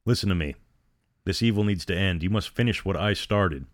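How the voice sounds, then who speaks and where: A doomed gangster speaks with solemn, resigned calm, as a man reads him. His voice sits very low, and the recording is dry and close. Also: fairly quick, dry recording, lightly acted. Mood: intense. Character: condemned middle-aged male gangster, resigned and solemn.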